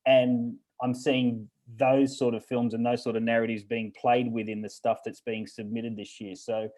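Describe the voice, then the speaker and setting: An older man, a film festival director, talks as a podcast guest. He speaks in a thoughtful, measured way, pausing on small fillers. His voice sits at a plain middle pitch. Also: little pitch movement, darkish tone, rough recording. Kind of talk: casual interview chat.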